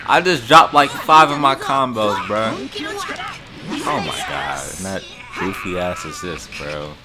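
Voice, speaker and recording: A man giving casual, frustrated commentary on his gameplay, swearing and jumping into high-pitched yelps when things go wrong. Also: measured pace. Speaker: gaming YouTuber. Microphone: desktop USB microphone. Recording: game music behind voice.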